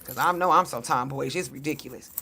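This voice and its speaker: Blunt, preachy woman with a sharp voice. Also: very deep voice, fast, husky. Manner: animated storytelling to viewers. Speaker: spiritual tarot reader. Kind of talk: casual livestream talk.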